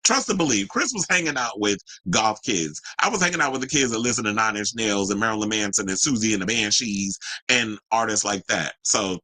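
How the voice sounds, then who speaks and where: A man's voice: on the low side, expressive, a little fast, bright, forceful tone, low-quality recording. A man hosting a casual solo pop culture commentary show, chatty and sassy with rambling asides.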